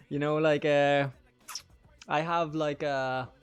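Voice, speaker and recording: A rambling, chatty man with a rural Monaghan Irish accent, talking as he plays through a stream. His voice sits a little on the high side, and he swears freely between bursts of laughter. Faint game music runs underneath. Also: expressive, extremely slow, clean tone. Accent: Irish, County Monaghan. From Ireland. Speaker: gaming streamer. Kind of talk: casual chat while playing a game.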